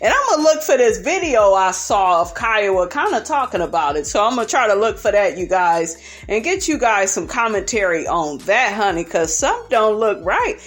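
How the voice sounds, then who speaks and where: A woman's voice: medium pitch, very animated, moderate pace. A woman hosting a casual reality TV recap, sassy and blunt, swearing freely and tossing in "honey" and "okay" as she gossips. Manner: profane and blunt.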